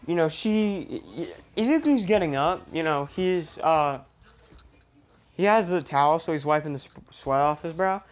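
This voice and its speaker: Woman rambling through a made-up story, lowish voice, muffled recording. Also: slight background noise. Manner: rambling, full of "you know" and restarts. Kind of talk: improvised fan-fiction storytelling.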